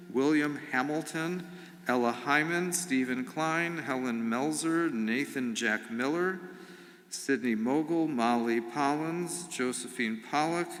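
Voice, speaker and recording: A man's voice: mid-range voice, a bit bright. A middle-aged man, a rabbi giving an informal sermon in a synagogue, speaking conversationally with humor and asides. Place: synagogue sanctuary. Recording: long reverb of a sanctuary.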